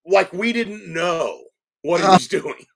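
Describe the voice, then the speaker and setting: Animated high-voiced male storyteller. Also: takes it slowly, vocal fry, a crowd in the background. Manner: animated, laughing, acts out quotes. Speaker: film director, guest. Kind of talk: storytelling in a podcast interview.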